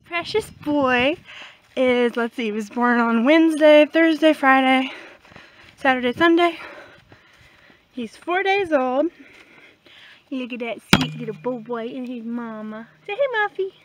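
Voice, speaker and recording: A woman's voice: sits high, slow, long pauses, slight background noise. A woman homestead vlogger chatting casually outdoors in a pasture, cooing in baby talk to her goats and calling them in. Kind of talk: casual farm vlog chat.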